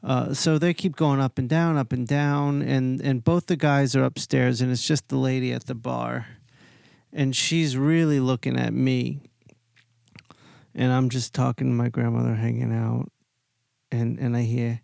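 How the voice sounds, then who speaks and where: Gravelly man telling a rambling story. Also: mid-range voice, level tone, takes it slowly, a little mellow, dry recording, studio quality. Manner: rambling with frequent restarts and acted-out quotes. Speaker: podcast host telling a personal story. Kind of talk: casual storytelling monologue.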